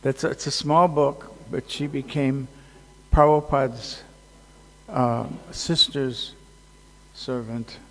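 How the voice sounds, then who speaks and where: A man giving a casual devotional talk at a festival, halting and joking, with many fillers. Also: medium pitch. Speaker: speaker at a temple festival. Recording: long hall reverb.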